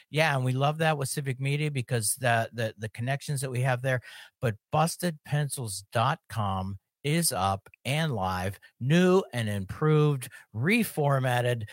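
A man's voice: mid-range voice, unhurried, dry recording, clean studio sound. A man hosting a talk podcast, chatting casually and joking, with frequent laughs. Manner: lively, joking, laughs often. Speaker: podcast host. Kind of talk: casual chat.

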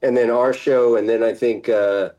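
A middle-aged man, an actor guest in a casual interview, relaxed and laughing often, sometimes trailing off mid-sentence. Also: mid-range voice, normal speed, lo-fi sound.

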